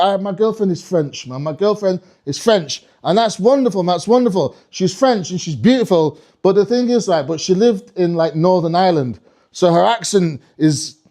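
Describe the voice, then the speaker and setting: High-voiced rambling stand-up comedian. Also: male voice, a little mellow. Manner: rambling, swearing, crowd-addressing. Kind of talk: live stand-up routine. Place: comedy club stage.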